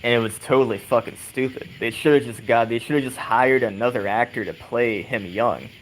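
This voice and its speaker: A man's voice: medium pitch, moderate pace, slight background noise, low-quality recording. A man casually chatting with viewers of his stream, rambling, swearing a lot and chuckling often, while rocking on a swing on an outdoor porch. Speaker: livestream host.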